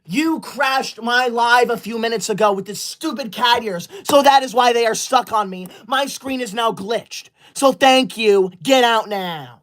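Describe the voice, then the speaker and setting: In a comedy skit, a man with a very high, fairly bright voice plays a smug, bossy young teacher's-pet livestreamer who indignantly scolds his viewers. He speaks at a measured pace with hardly any pauses, in a self-righteous manner.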